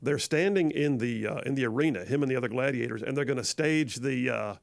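Male radio host, gravelly voice, dry studio sound, animated. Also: medium pitch, fairly quick, dry recording. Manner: animated, quotes movie lines with gusto. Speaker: radio talk show host. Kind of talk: casual radio talk. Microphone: studio microphone.

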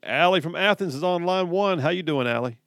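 A man's voice: high voice, expressive, brisk, a bit bright. A man hosting a call-in radio show, reading texts and taking callers in an upbeat, chummy way. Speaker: radio talk show host.

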